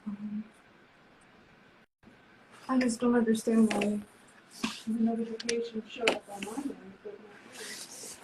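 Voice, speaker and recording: A woman assisting at a live stream, speaking quietly and low-key from off to the side. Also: little pitch movement, measured pace, pauses often, a little hiss or hum, poor audio.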